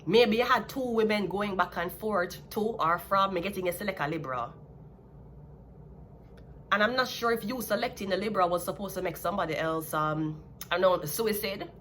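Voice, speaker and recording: A Jamaican woman in a casual tarot reading, talking in a blunt, sassy way with an average-pitched voice. A faint hum of ambience sits behind her. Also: moderate pace, fairly bright tone. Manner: blunt, sassy, laughs at her own jabs. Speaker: tarot reader.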